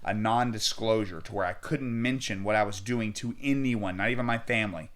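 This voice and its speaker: A man's voice: lowish voice, brisk, fairly bright tone. Rambling man telling a story. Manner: rambling, heavy with filler words. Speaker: guest. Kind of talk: casual storytelling.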